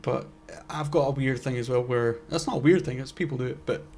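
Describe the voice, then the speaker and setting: A man's voice: mid-range voice, a little fast, darkish tone. A young man, co-hosting a casual podcast chat and rambling with lots of restarts and swearing. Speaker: podcast co-host.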